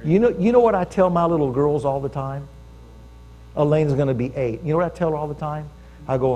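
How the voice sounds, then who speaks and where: An American man preaching a sermon as pastor, telling a story with lively calls to his congregation. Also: fairly high pitch, a little fast, slight background noise.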